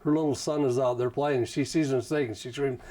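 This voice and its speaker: A man is being interviewed, telling stories in a folksy, rambling style and saying "you know" a lot. His voice is medium in pitch and mellow, with fairly even intonation and a slightly quick pace. It's casual conversational storytelling.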